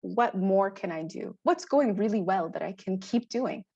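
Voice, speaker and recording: A woman teacher presents to fellow educators, telling classroom stories with expressive storytelling energy. Her voice sits at a middle pitch and the sound is dry, with no room echo. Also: moderate pace, husky, dull audio. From Canada. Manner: animated, expressive storytelling with laughs.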